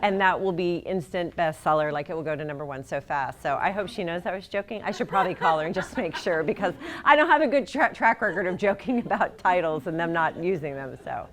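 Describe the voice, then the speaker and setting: Speaking to a library audience, this middle-aged author keeps up a quick, nearly pause-free pace with lively intonation and a fairly low pitch. She's chatty and relaxed, poking fun at herself and chuckling at her own humor.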